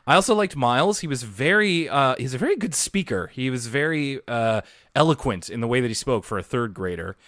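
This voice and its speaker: A man's voice: mid-range voice, expressive, a little fast, a bit bright, no room sound, clean studio sound. A man co-hosting a podcast, recapping a cartoon episode in casual chat and laughing often. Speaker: podcast co-host.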